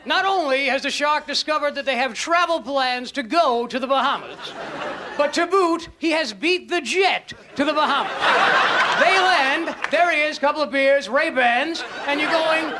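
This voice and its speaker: Stand-up comic, man, very high voice, mocking and incredulous, live show with roaring crowd and noise. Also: moderate pace. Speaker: stand-up comedian. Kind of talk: stand-up comedy routine. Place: comedy stage before a live audience. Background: loud audience laughter.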